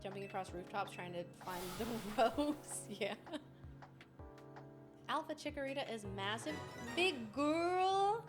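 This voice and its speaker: A woman's voice: mid-range voice, expressive, normal speed, pauses often. A young woman streamer casually chatting and answering her chat while she plays a game. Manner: does silly voices and mimicry. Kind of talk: casual gaming livestream chat. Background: game music.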